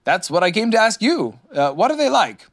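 A man's voice: sits high, big pitch swings, fairly bright tone, no echo, clean studio sound, pitched above the performer's own voice, heavily acted. A man doing a fussy, self-important rabbit. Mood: bossy. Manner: bossy, brisk, self-important.

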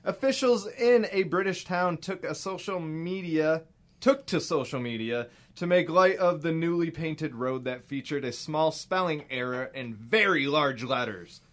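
A man hosting a comedic podcast, brash and profane as he reads weird news. His voice sits a bit high and loud. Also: animated, measured pace. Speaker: podcast host. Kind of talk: casual comedic podcast chat.

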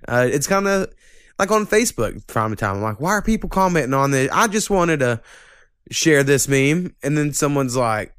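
A man's voice: medium pitch, normal speed, clean tone, no room sound, studio quality. A man hosting a podcast, chatting casually and ranting with lots of swearing. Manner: profane, ranting, animated when annoyed. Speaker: podcast host.

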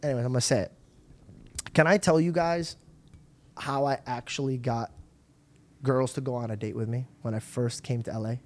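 A young man hosting a podcast, telling stories in a casual, animated way, acting out voices and swearing freely. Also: medium pitch, moderate pace, pauses often. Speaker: podcast host. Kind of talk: casual storytelling chat. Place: podcast studio.

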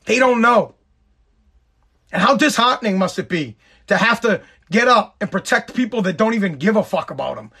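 Podcast host, male, high-pitched voice worn hoarse, heated profane rant. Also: expressive, normal speed, sharp tone. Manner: heated, profane, repetitive ranting. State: hoarse, voice nearly gone. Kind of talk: ranting podcast monologue.

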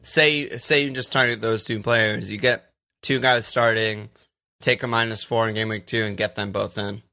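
A man's voice: fairly low pitch, steady tone, moderate pace, creaky, sharp tone. A man co-hosting a podcast, chatting casually, swearing freely and reading out listener questions. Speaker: podcast co-host. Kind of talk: casual chat.

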